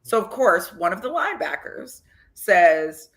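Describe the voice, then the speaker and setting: A woman guest on a podcast interview, telling animated stories and acting out the quotes with big jumps in pitch. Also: unhurried. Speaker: guest, former football coach. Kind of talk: lively storytelling in a podcast interview.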